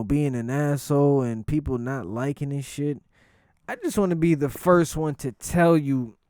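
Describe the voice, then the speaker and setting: Slow-talking man riffing casually on a dry mic. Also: mid-range voice, no echo. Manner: animated, laughing storyteller. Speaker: commentary vlog host. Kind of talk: casual profane commentary.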